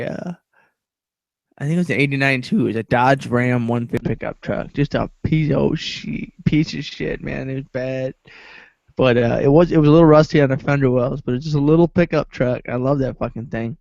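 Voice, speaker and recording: Gravelly laid-back man, swearing. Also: mid-range voice, normal speed, darkish tone, no room sound. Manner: laid-back, swears a lot, says dude. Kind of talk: casual chat.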